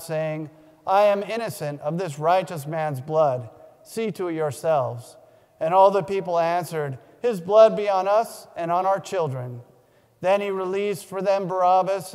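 A man reading the Gospel aloud during a church service, in a solemn, measured way with a few small restarts. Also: high-pitched, darkish tone, clean tone. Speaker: scripture reader. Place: large church. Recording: long church reverb.

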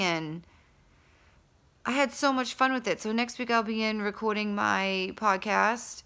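A woman talking candidly to camera in a casual vlog, rambling with fillers and restarts, openly excited. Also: mid-range voice, unhurried, clean tone. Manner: excited and enthusiastic. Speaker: vlogger and author.

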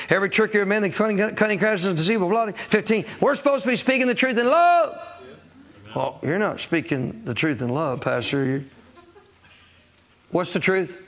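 Pastor guy preaching in church, kinda high pitched, asks the crowd to answer back. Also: fast talker, a bit bright. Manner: preaching with call-and-response, acting out churchgoers' excuses. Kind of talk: sermon. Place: church sanctuary.

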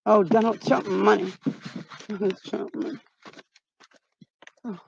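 A woman, hamming up a comic vlog outdoors, playing scared and shouting out calls. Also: medium pitch, measured pace, gravelly, long pauses, muffled recording, slight background noise. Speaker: vlogger. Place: outdoors in the cold.

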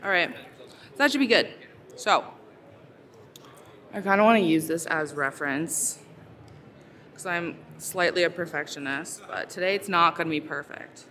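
Chatty woman with a bright voice. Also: fairly low pitch, normal speed, pauses often, slight background noise. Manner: chatty, lots of fillers, talking while crafting. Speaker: ASMR creator. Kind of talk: casual live-stream chat. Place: busy convention hall.

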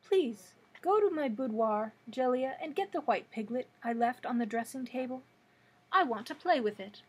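A woman voicing a regal young fairy princess in a storybook read-aloud, gentle but firm. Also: high voice, lively intonation, normal speed, husky, poor audio. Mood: calm.

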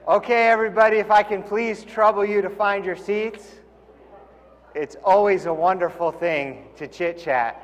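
Guy cracking a joke to his congregation, highish voice, big reverb hall. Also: moderate pace. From Tucson, Arizona. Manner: lively storyteller, shouts punchlines. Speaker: service leader.

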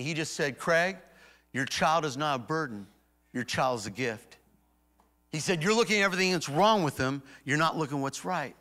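A man preaching a sermon as guest pastor, telling a personal story to a congregation and swinging from hushed retelling to loud, emphatic declarations. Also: fairly high pitch. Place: church auditorium before a congregation.

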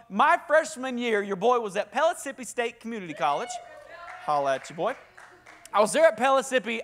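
Preaching with a Southern US accent, a young pastor with a high voice keeps the energy up, chatting freely and prompting the congregation to answer back.

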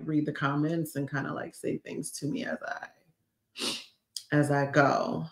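A woman hosting a motivational live stream, talking in an emphatic, lively and outspoken way. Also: sits low. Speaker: livestream host. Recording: roomy echo.

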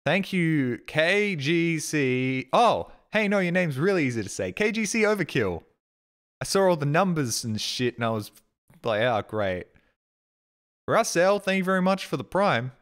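A man's voice: fairly high pitch, big pitch swings, moderate pace, a bit bright. Aussie guy on a live stream, rambling and joking with chat, swears a lot, thanks subs as he goes. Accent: Australian. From Australia.

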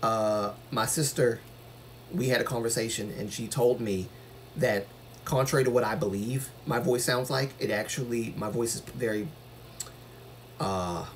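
A man's voice: mid-range voice, fairly even intonation, a little slow. Man, casual streamer, mid-range voice that projects, faint background hum. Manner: earnest, rambling, projects his voice when passionate. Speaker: live streamer. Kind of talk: casual live stream chat.

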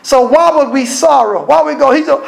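A man preaching with a high, gravelly voice that has a rough, creaky edge. He talks in a folksy, conversational way, blunt and scolding with a streak of humor, often slipping into short acted-out exchanges between people. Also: brisk, poor audio. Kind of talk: evening sermon.

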